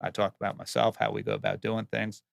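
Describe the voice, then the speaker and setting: A man's voice: on the low side, big pitch swings, fast, gravelly, dry recording, studio quality. A man who builds and remodels homes, answering interview questions in a plain, earnest way and often restarting his words.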